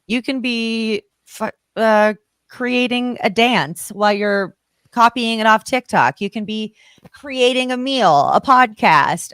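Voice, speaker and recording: A woman's voice: medium pitch, a bit bright, no echo. Chatty laughing woman podcast host. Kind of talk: casual interview chat. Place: home in Colorado.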